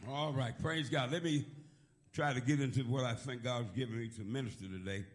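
A middle-aged male pastor preaching a sermon, leading the congregation in call and response, often saying "praise God" and building up to shouts. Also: medium pitch, brisk.

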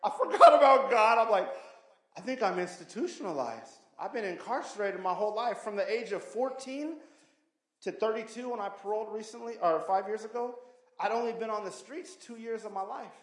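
A man in his thirties gives a preaching testimony, telling his story in animated street slang and acting out the quotes. His voice sits high for a man. The sound carries the echo of a big room. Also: a little fast. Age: 30s. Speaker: testimony speaker.

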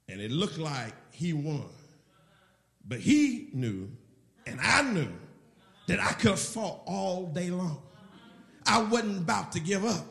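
A man's voice: high voice, a bit bright, reverberant. A middle-aged man, a pastor, preaching a sermon with emphatic storytelling. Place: church.

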